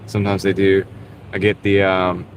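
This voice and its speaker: Lowish guy rambling to his live chat from the car, rain and road noise all around. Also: completely flat delivery, moderate pace. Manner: rambling, chatty, reads out viewer comments. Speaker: delivery driver livestreaming. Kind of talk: casual live-stream chat while driving. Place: inside a car driving in the rain.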